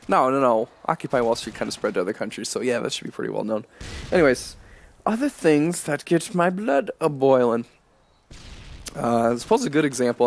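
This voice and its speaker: A man's voice: mid-range voice, a little hiss or hum. A young American man giving rambling, chuckling commentary over gameplay. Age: young adult. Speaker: gaming commentator.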